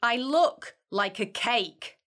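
An actress playing a feisty, flustered young heroine with a false arm in a fantasy audio drama. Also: female voice, on the high side, slow. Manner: flustered, excitable.

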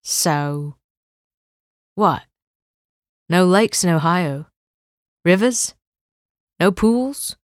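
A woman's voice: lowish voice, expressive, very slow, pauses often, no room sound, clean studio sound. A woman reading an audiobook and voicing a brash, crude older man who talks bluntly, sounds cocky, and swears.

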